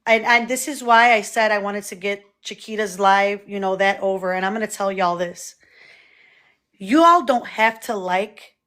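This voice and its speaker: A woman hosting a livestream, talking in a heated, animated way to her viewers and swearing freely. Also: medium pitch, moderate pace. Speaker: livestream host. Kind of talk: heated casual livestream talk.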